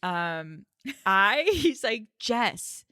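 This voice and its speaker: Woman, bright, casual story, swears, laughs, dry mic. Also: mid-range voice, lively intonation, normal speed, no room sound. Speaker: podcast co-host. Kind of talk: casual chat.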